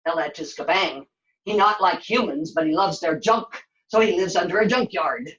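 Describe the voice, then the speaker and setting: A woman's voice: on the low side, lively intonation, moderate pace, fairly bright tone, roomy sound, dull audio. A woman puppeteer voicing a solemn magical creature who speaks broken English and gives short, grave warnings in a puppet show. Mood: grave, knowing.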